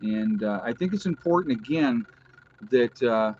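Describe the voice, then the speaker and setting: A man hosting a casual livestream, chatting with viewers and reading out their comments, with frequent pauses and fillers. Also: mid-range voice, lively intonation, darkish tone, slightly rough, lo-fi sound. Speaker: livestream host.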